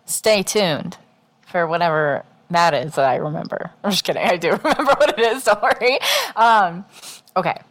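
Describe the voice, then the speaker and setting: A woman's voice: lowish voice, expressive, moderate pace, a bit bright. A young woman co-hosting a podcast in casual chat, blunt and sweary, laughing often and acting out what others said. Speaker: podcast co-host.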